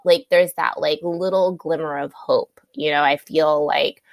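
Woman guest on a podcast, low voice, talks candid n chatty, dry sound. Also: fairly even intonation, unhurried, gravelly, no echo. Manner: candid, frequent "you know" and "like" fillers, laughs between thoughts. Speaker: interview guest. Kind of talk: casual personal storytelling.

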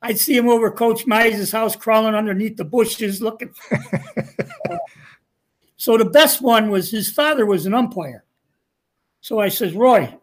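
An older man spins folksy stories from his coaching days, chuckling as he goes. He slips into quoted back-and-forth dialogue and keeps the tone easygoing and conversational. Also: high-pitched. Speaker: retired coach, interview guest. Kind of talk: casual storytelling.

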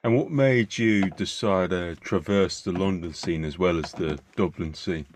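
A man's voice: low voice, measured pace, slight background noise. A man hosting a podcast, asking questions casually and correcting himself as he goes. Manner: hesitant, self-correcting. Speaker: podcast host.

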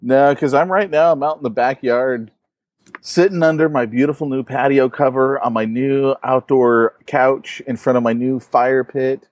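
A man's voice: medium pitch, moderate pace, no echo. A man co-hosting a podcast from his backyard, laid-back and playful, telling casual stories. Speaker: podcast co-host.

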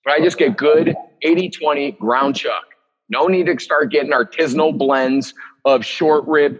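A man's voice: on the high side, normal speed, slightly rough, highs cut off. A man leading a live cooking demo as the chef, chatty and joking, with rambling asides.

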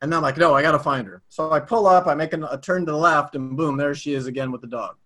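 A man as an interview guest telling a personal story in a casual, animated way. He swears freely. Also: a little high, fast talker.

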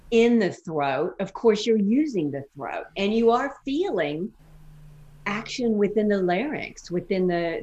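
A woman's voice: mid-range voice, a little mellow, rough recording. A woman guest who works as a voice coach, explaining vocal technique in an interview and demonstrating exercises. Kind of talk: interview answers.

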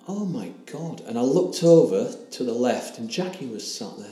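A man's voice: medium pitch, expressive, dark tone. A man, earnestly recounting a personal story as an interview guest. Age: 60s. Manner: earnest, emotional, halting retelling with quoted dialogue. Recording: roomy echo with faint background hiss.

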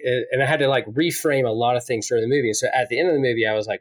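Man in his forties, low trailing delivery. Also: racing, hardly any pauses, slightly rough. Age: 40s. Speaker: podcast co-host. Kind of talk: casual chat.

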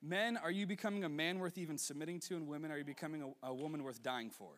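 A man in his twenties preaching a sermon as a youth pastor, telling stories with quick asides and laughs. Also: fairly high pitch, a bit bright, in a large hall. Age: 20s.

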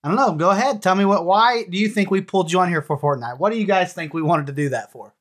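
A woman's voice: on the low side, quick pace. A woman hosting a casual podcast, teasing and encouraging her young guests. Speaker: podcast host.

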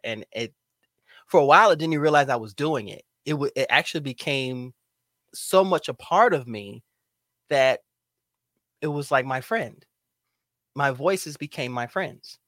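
A man's voice: mid-range voice, moderate pace, pauses often, fairly bright tone, no room sound, studio quality. A man hosting a casual podcast chat, playful and theatrical, dramatizing his stories. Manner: playful, theatrical, jumps into voices. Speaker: podcast host.

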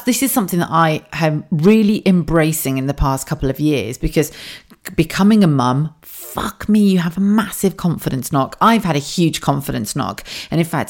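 Her voice sits low and darkish, with vocal fry, as she hosts a solo podcast monologue. She speaks openly with plenty of swearing, laughing, wandering into asides and restarting herself as she corrects course.

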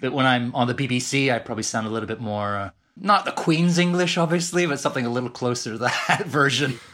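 A middle-aged man with a Canadian accent, a guest author telling lively stories in a podcast interview. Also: mid-range voice, fast talker, background noise. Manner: animated storyteller, laughs often.

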